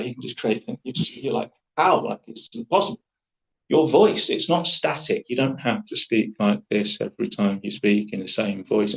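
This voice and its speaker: A man of middle pitch leads a public speaking workshop, talking to a group in a room. He is chatty and enthusiastic and often rambles, restarting his sentences as he goes. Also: poor audio. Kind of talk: live workshop talk to a group.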